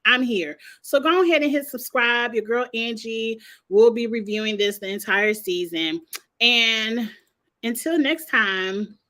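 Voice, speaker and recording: A young woman hosting a casual reality TV recap vlog, talking bluntly, swearing freely and animated. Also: fairly high pitch, unhurried.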